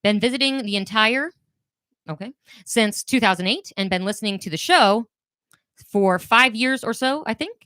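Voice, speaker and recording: A woman's voice: on the high side, normal speed, pushed and bright, no echo. A woman co-hosting a podcast, chatting casually and reading listener comments aloud with wry, giggly asides. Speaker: podcast co-host.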